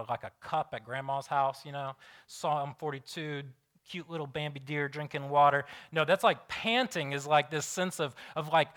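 A man's voice: on the high side, a bit bright. A man in his thirties preaching a sermon in a conversational, storytelling way, often restarting sentences. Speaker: pastor.

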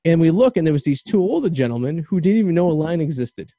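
A man's voice: on the high side, expressive, fast talker, mellow, dry recording. A man hosting a podcast in casual chat, rambling and stammering through restarts. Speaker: podcast host.

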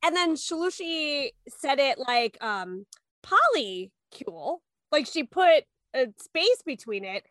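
Bright, animated woman co-host. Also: high voice, a little slow, hardly any pauses, no echo. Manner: animated, giggly. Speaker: podcast co-host. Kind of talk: excited casual chat. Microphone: video call.

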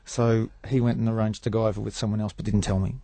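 A man in his thirties with an Australian accent, co-hosting a radio show, telling rambling self-mocking stories with halting restarts. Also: lowish voice, little pitch movement, dark tone, no room sound. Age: 30s. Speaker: co-host, musician. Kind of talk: casual comic radio banter.

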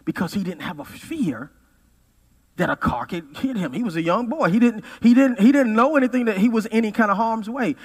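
High-voiced preaching man, booming hall. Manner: preaching with sudden loud peaks and quiet drops. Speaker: pastor. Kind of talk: sermon. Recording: reverberant hall.

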